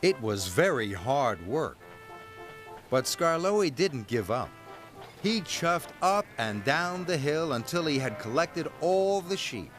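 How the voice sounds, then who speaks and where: A man narrates a children's story at a slow, unhurried pace. His pitch rises and falls in a lively, sing-song way as he reads. Music plays clearly behind him.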